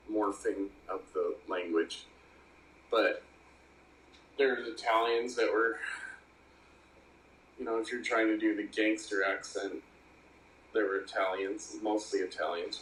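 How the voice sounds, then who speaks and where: A man's voice: fairly low pitch, a bit bright, echoey room, a little hiss or hum, low-quality recording. A man co-hosting a casual chat, agreeable, chiming in with frequent mm-hmms. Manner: agreeable, lots of backchannel mm-hmms. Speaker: podcast co-host.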